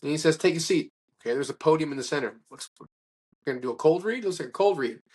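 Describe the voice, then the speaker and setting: This interview guest has a slightly rough, higher-than-average voice and talks fast. He rambles through casual anecdotes, restarting often and acting out the dialogue he quotes.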